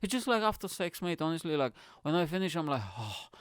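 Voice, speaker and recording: Male comic host, profane rant, slightly high voice, dry close sound. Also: fast talker, clean tone, no room sound. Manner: animated, profane, swearing ranter; tends to end lines with "mate" and "bro". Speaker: comedian podcast host. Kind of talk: ranting casual monologue.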